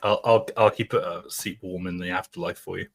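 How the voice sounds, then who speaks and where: A man's voice: low voice, steady tone, a little fast, gravelly. A man on a podcast giving short, dry reactions. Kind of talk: casual podcast chat. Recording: faint background noise.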